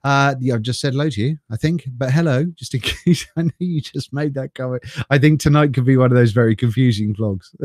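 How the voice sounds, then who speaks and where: A man's voice: medium pitch, fairly quick, darkish tone, no echo, clean studio sound. An English man chatting casually on a live stream, greeting viewers by name and laughing often, speaking into a desk mic through a mixer. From England. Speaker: vlogger reading live chat.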